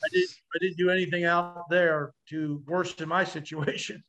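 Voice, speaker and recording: A man guesting on a podcast, telling animated stories with vivid, salty language and acting out the voices of others. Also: fairly high pitch, moderate pace. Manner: vivid, acts out quoted voices, swears freely. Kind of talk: animated storytelling.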